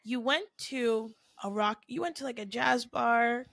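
A woman's voice: a little high, unhurried, gravelly, fairly bright tone, no echo. A woman co-hosting a podcast, talking with sassy, laughing quips. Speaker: podcast co-host. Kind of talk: casual chat.

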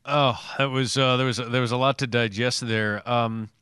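A man's voice: medium pitch, fairly even intonation, moderate pace, bright, forceful tone, clean tone, no echo, studio quality. A man co-hosting a sports podcast in casual chat, meandering as he builds up a reveal.

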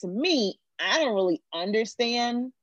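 A woman's voice: a little high, lively intonation, moderate pace, dry recording, muffled recording. A woman hosting a podcast, talking earnestly in long winding sentences in casual pop culture chat. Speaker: podcast host.

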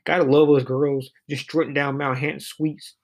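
A man's voice: fairly high pitch, level tone, normal speed. A man doing a brassy young woman's voice in a put-on accent. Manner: exaggerated put-on accent, rhythmic.

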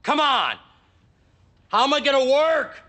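A man's voice: extremely high pitch, lively intonation, a little slow, sharp tone, heavily acted. An actor playing an angry middle-aged male Hollywood agent in a TV drama scene, defensive and wheedling. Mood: pleading. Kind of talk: TV drama acting.

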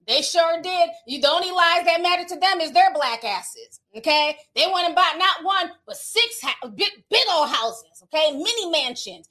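Sassy, high-voiced woman dishing gossip. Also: expressive, normal speed, hardly any pauses, pushed and bright. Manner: sassy, slangy, laughing asides. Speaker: commentator, channel host. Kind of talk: casual gossip commentary.

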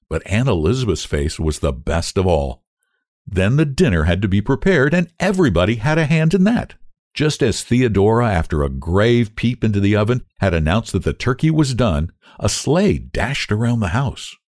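A man narrating a storybook in an expressive reading voice. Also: fairly low pitch, moderate pace, no echo, clean studio sound. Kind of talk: audiobook reading.

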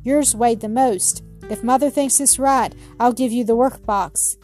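A woman voicing a guilty, earnest little girl in a storybook, speaking softly. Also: a little high, unhurried, faint music behind, lightly acted. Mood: contrite. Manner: soft, contrite, murmuring.

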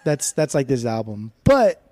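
A man's voice: fairly high pitch, measured pace, no echo. A man co-hosting a podcast, bantering and joking with lots of swearing while talking about music. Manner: joking, profane, animated. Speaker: podcast co-host. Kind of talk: casual banter.

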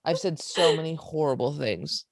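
A woman's voice: low-pitched, expressive, moderate pace, no echo, studio quality. A young woman co-hosting a casual chat podcast, blunt and swearing freely as she tells stories. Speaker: podcast co-host.

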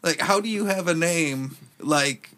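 A man's voice: fairly high pitch, measured pace, bright, forceful tone, a little hiss or hum. A man co-hosting a casual podcast chat, rambling, laughing often and swearing a lot. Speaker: podcast co-host.

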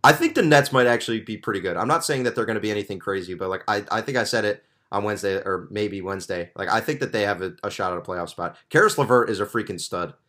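A young man co-hosting a podcast, giving his opinions in a relaxed way in casual sports talk. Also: on the low side, fast, hardly any pauses. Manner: conversational, opinionated. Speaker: podcast co-host.

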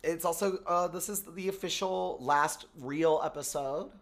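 A man's voice: on the high side, measured pace. A man co-hosting a casual podcast, rambling and self-deprecating, with lots of "um"s, recording remotely from home. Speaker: podcast co-host. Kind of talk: casual chat.

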